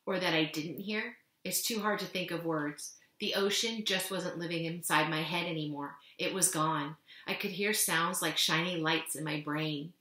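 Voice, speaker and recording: A woman reads a novel aloud with expressive, clear storytelling. Her voice is bright and forceful, a little low in pitch, and the room adds noticeable echo. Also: moderate pace, hardly any pauses. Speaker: teacher reading aloud. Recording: echoey room.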